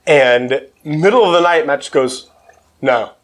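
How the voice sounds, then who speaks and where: A man's voice: fairly high pitch, a little slow. A man hosting a casual chat, telling a funny story with lots of laughter. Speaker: host.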